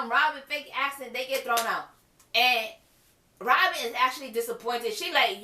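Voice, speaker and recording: A woman recapping a TV episode in casual chat, animated and exclaiming, with laughs between her remarks. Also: on the high side, moderate pace, echoey room, a little hiss or hum. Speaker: TV episode reviewer.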